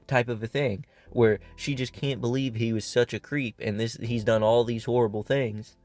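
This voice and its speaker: A man's voice: medium pitch, fairly even intonation, normal speed, darkish tone. A man hosting a commentary video, talking casually in a blunt, exasperated, profanity-laced way.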